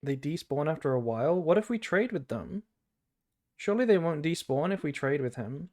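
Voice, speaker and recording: A man's voice: fairly high pitch, animated, normal speed, darkish tone. A man with a British accent streaming a game, thinking aloud in rambling casual chat. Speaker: gaming streamer.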